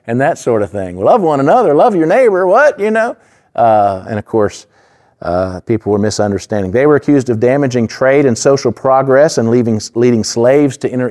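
A man's voice: lowish voice, dark tone. A man preaching a sermon in an earnest, conversational way, full of asides and fillers. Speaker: pastor.

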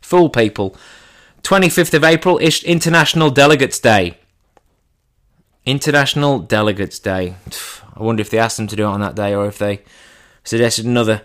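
A man giving a comedic monologue in an irreverent, deadpan way, his pitch jumping up for punchlines. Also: brisk.

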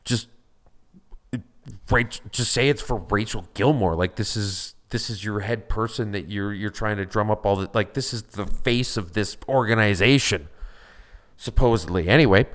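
A man's voice: fairly low pitch, moderate pace, a bit bright. A man co-hosting a podcast, chatting casually in a wry, bickering way with some swearing. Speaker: podcast co-host. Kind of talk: casual chat.

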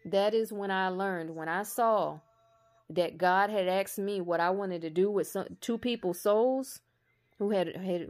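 A woman in a casual spiritual monologue, blunt and profane, speaking slowly and with emphasis, building to a heated intensity. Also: lowish voice, darkish tone. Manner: slow emphatic delivery that builds to raised intensity.

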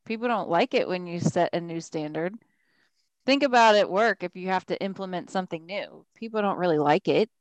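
A woman's voice: fairly low pitch, brisk, no echo, low-quality recording. A woman speaks firmly as podcast co-host, giving advice in a casual chat. Her voice sits in a dry, close recording with little room sound.

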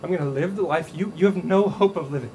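A male pastor voicing Jesus in his sermon, steady and reassuring as he promises to do what his listeners cannot. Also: on the high side, fast, slight background noise, close to an everyday voice, poor audio. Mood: solemn. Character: calm, promising male savior figure.

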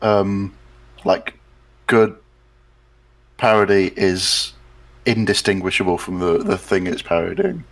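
A man's voice: deep voice, slow, pauses often. A man co-hosting a casual fan podcast, blunt and jokey, swearing freely. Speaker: podcast co-host.

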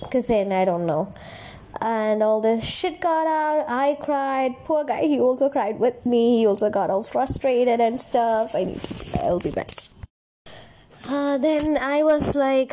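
Young woman vlogger, slightly high voice, rambling candid storytime, confiding and emotional. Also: mellow. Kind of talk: casual storytime vlog.

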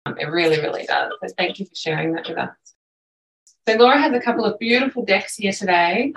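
A woman hosts a live online workshop, gushing and encouraging in a soft voice. She sits back from the microphone. The room is echoey. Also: mid-range voice, lively intonation, a little fast. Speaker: host. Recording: echoey room, distant from mic.

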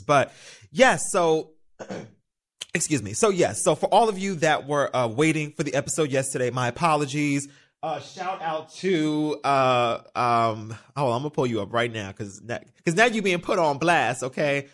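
A young man hosting a solo podcast, talking in a loose, animated way. His voice climbs and dips a great deal as he chats, and he swears freely. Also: medium pitch, normal speed. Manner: animated, chatty, swears freely, quotes himself in little voices. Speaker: podcast host. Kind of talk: casual solo podcast chat.

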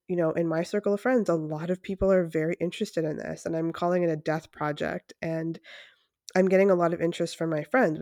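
Young woman, solo podcast host, lowish voice, eager and rambling, dry close-miked sound. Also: a little mellow, no room sound. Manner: enthusiastic, chatty, frequent fillers and restarts. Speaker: podcast host and breathwork facilitator. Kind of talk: casual solo podcast monologue.

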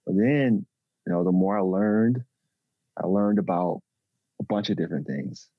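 A man, a relationship coach talking haltingly in a podcast interview. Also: low voice, dry recording, phone-quality sound. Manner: halting, with many restarts and fillers.

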